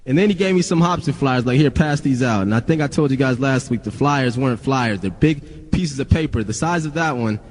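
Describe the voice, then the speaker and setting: Young man, rapper, casual storytelling, swears a lot, restarts sentences, medium-pitched voice, reverb. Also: lively intonation, fairly quick, few pauses. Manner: profane, rambling with many restarts.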